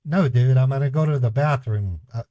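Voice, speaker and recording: A man's voice: mid-range voice, fairly quick, warm tone, no echo. A man hosting a scambaiting livestream, telling rambling family anecdotes to his chat with a chuckle and voiced quotes. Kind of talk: casual storytelling to a live chat.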